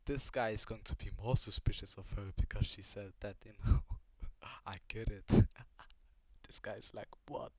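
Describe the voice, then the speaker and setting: A man's voice: lowish voice, fairly even intonation, measured pace, darkish tone, no room sound. A young man giving casual reaction commentary on an anime, swearing a lot, rambling and asking puzzled questions.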